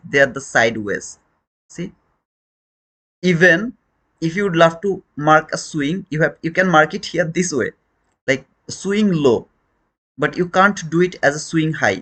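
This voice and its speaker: A man's voice: fairly high pitch, bright, forceful tone, breathy edge. A man teaching a trading lesson on a live stream, questioning viewers and repeating his points in non-native English phrasing.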